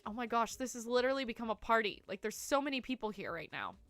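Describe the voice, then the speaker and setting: Bright chatty woman streaming. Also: fairly high pitch, animated, fast, no echo, faint music behind. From Canada. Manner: chatty, rambling, full of "like" fillers, laughs often. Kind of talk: casual gameplay commentary, chatting with viewers.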